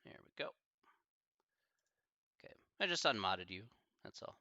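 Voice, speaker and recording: Guy streaming, low gravelly voice, lots of likes and ums, dry dull mic. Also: sing-song, sharp tone, no room sound. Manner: halting, thinking aloud with many fillers. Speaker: math instructor streaming live. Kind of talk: casual live-stream chat.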